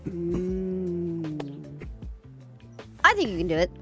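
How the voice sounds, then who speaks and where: A woman streamer chatting casually on a live stream, telling stories in a giggly, animated way. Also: fairly low pitch, very slow, music in the background.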